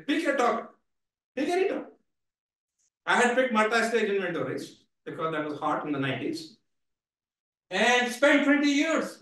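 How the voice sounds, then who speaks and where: A man giving an animated, playful seminar lecture, emphatic and full of repeated "right?" tags. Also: high-pitched. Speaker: guest speaker. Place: lecture hall. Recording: echoey hall from a distance.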